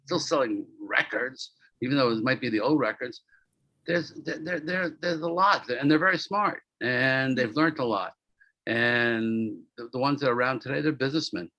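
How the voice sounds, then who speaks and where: A man's voice: mid-range voice, pushed and bright, dry recording, muffled recording. A man being interviewed as an entertainment producer, talking casually and telling rambling stories with repeated words and acted-out quotes.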